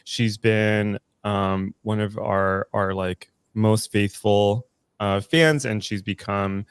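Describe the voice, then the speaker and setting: A man's voice: fairly low pitch, fairly even intonation, takes it slowly, clear, resonant tone, no echo, studio quality. A man hosting a recovery podcast, introducing guests and topics in an upbeat, chuckling way. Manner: upbeat, chuckling, talks while eating. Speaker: podcast host. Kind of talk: casual chat.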